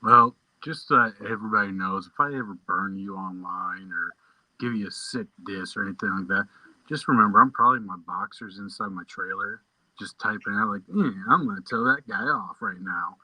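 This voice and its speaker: Male co-host, low and husky, self-deprecating humor, dry close audio. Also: brisk, bright, forceful tone, no room sound, low-quality recording. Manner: self-mocking joker. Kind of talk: casual joking chat.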